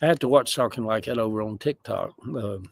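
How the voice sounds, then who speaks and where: On a livestream from an outdoor yard, a man with a Southern US accent chats casually in a lowish, gravelly voice, talking fairly quickly with no echo. He rambles in a folksy way and tosses in chuckling asides.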